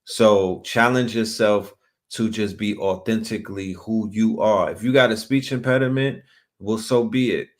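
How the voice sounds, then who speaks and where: Laid-back low-voiced man hosting commentary. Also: fairly even intonation, a little slow. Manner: loose, street-slang delivery with frequent "you feel me". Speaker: channel host. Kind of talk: casual commentary to a live chat.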